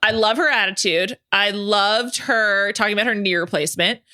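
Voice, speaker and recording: A woman's voice: medium pitch, normal speed, bright, forceful tone, dry recording, clean studio sound. A woman hosting a podcast in casual chat, enthusiastic and talkative with lots of fillers. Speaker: podcast host.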